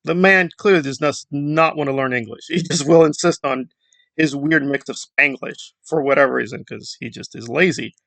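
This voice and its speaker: A man's voice: on the high side, normal speed, vocal fry, fairly bright tone, no room sound. A man from Central America giving a rambling, sarcastic commentary monologue with mocking asides. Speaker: commentary YouTuber.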